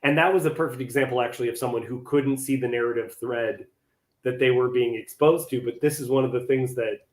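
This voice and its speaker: A man's voice: medium pitch, steady tone, brisk. Reflective man in an echoey room. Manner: reflective, conversational, uses fillers like "like". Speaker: host. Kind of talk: casual group chat.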